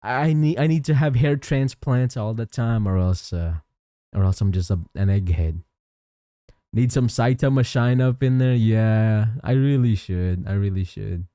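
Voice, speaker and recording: A man's voice: mid-range voice, fairly even intonation, measured pace, mellow, smooth, no echo, studio quality. A young man chatting casually on a live stream as a VTuber, reading chat aloud and answering viewers with frequent restarts.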